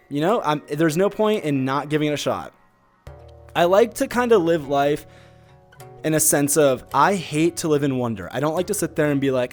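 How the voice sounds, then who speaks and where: A man's voice: a little high, expressive, fairly quick, faint music behind. Candid man telling a personal story. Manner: candid and confessional, many filler likes. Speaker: podcast host and streamer.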